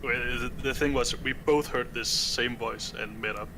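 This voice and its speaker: A man taking part as a player in a casual tabletop role-play game, talking in a plain, measured way. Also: mid-range voice, fairly even intonation, creaky, background noise.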